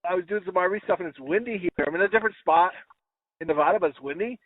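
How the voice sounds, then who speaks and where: Lively profane man on a tinny line. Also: sits high, very fast, dry recording. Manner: rambling, profane storytelling. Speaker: podcast host. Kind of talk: casual comedic chat. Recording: tinny phone-like call audio.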